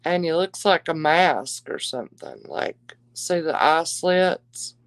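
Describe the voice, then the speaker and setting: A woman's voice: deep voice, lively intonation, takes it slowly, dry recording, low-quality recording. A woman hosting a live jewelry auction stream, chatty and gushing, calling her viewers darling and y'all. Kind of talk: casual live-stream selling chat.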